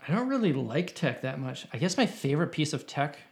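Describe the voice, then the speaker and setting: Young man, slightly higher voice, loose rambling storyteller in relaxed chat. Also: fairly quick. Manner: rambling anecdote with many fillers and restarts. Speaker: podcast guest. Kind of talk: casual conversation, storytelling.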